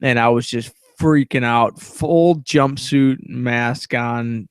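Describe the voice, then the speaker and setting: A man with a mid-pitched voice talks bluntly on a podcast, rambling through stories with lots of swearing and filler words. His delivery is loose and unpolished. The recording is dry and close. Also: fairly even intonation, slow pace, clear, resonant tone, no echo. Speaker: podcast co-host. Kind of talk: casual storytelling chat.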